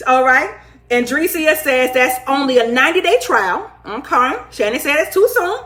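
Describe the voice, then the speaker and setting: A woman with a high voice hosts a casual livestream, chatting and reading comments out loud. She is lively and playful, teasing her viewers and laughing often. The sound is echoey, as if she is recording in a bare room. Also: normal speed. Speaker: livestream talk show host.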